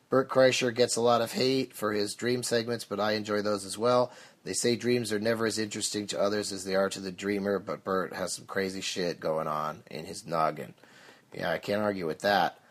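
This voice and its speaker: A man hosting a podcast, reading listener reviews aloud in a dry manner. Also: medium pitch. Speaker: podcast host.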